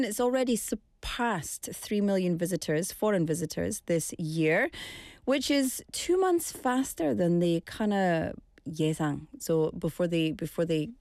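A woman's voice: mid-range voice, a little mellow, no echo. Female show host, chatty and conversational, dry close sound, mid-range voice. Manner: chatty, with friendly asides to listeners. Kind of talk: casual broadcast chat.

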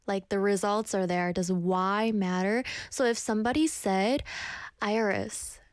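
A woman's voice: mid-range voice, normal speed, smooth, no echo. A young adult woman casually reading viewers' comments aloud and telling rambling stories from her own life. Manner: chatty, storytelling, ranting. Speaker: streamer reading chat messages.

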